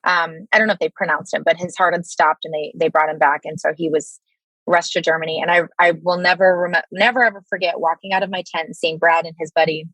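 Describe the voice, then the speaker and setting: Low-voiced American woman, halting telling. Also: steady tone, fairly bright tone, dry recording, low-quality recording. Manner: halting, many fillers and restarts. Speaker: guest, Army veteran. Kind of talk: candid interview storytelling.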